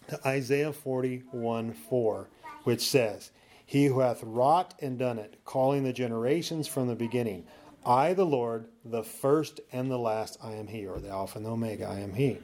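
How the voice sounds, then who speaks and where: A man teaching a sermon in a conversational, coaching way, often checking in with "okay?" and slowing down to read scripture aloud. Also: medium pitch, darkish tone.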